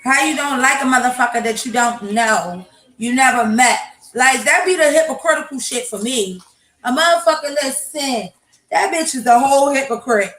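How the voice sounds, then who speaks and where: In an echoey kitchen with faint background noise, a woman livestreams a casual morning show from home, her high, somewhat bright voice moving at a moderate pace. She talks to her chat while ranting bluntly and cursing.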